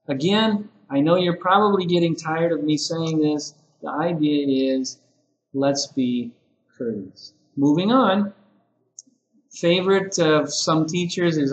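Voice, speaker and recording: A man training ESL teachers in a recorded lesson, explaining patiently with many pauses. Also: fairly high pitch, roomy sound, muffled recording.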